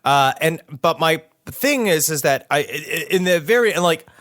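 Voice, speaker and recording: A man co-hosting a comedy podcast rambles through a riff, circling back with restarts. His voice sits a little high and sounds close and dry. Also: lively intonation, moderate pace, fairly bright tone, no room sound. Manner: rambling, riffing with many restarts. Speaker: podcast co-host. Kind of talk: casual comedy chat.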